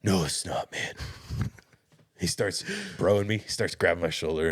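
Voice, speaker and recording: A man's voice: low voice, moderate pace. A man telling stories from police work as a podcast guest, laughing often. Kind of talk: casual storytelling.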